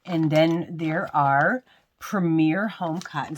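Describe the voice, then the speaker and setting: A woman's voice: deep voice, a little slow. A woman vlogger chatting casually at home while unboxing yarn, rambling and self-deprecating with lots of restarts. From United States. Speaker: crochet vlogger.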